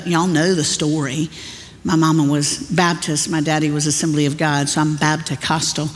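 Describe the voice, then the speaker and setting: A woman's voice: sits low, fairly even intonation, normal speed. A woman pastor, preaching with humorous, folksy storytelling in a large church. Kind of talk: sermon. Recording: long reverb of a church hall.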